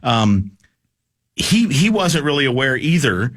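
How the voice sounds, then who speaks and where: A middle-aged man chatting on sports radio, circling back and restarting his sentences as he tells a game story. His voice sits at an ordinary pitch, easygoing and conversational. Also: very animated, slow pace, a bit bright. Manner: rambling, restarts often while telling a story. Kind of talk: casual sports radio chat.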